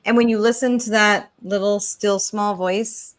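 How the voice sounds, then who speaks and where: A woman's voice: mid-range voice, fairly even intonation, measured pace. A woman hosting a podcast interview, talking in a chatty, enthusiastic way. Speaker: podcast host. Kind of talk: conversational interview.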